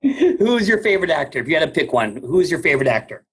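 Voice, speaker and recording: Male podcast host, American, husky, jokey and loose, frequent restarts. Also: fairly high pitch, big pitch swings, fast talker, fairly bright tone. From United States. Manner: jovial, laughs often, stumbles over words. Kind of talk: casual interview.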